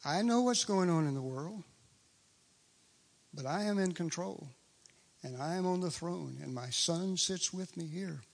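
A man voicing God as a calm, reassuring presence who speaks in a soft, hushed way. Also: high voice, measured pace, gravelly, pauses often, heavily acted. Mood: gentle, reassuring. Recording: long reverb of a large hall.

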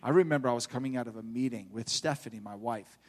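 A middle-aged man preaching a fervent sermon in church, building to loud exhortation. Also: mid-range voice, fast, in a large hall.

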